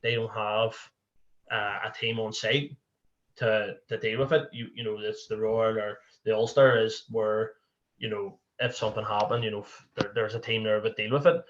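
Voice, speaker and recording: A Northern Irish man, a podcast guest, tells a candid personal story in a lowish, flat voice at normal speed. He rambles, filling it with "you know" and restarts, and the sound is lo-fi.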